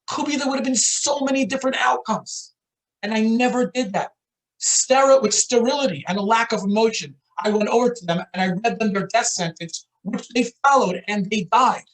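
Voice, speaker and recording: A man's voice: mid-range voice, a bit bright, lightly acted. A man playing an anguished, remorseful oncologist. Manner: anguished, emphatic confession.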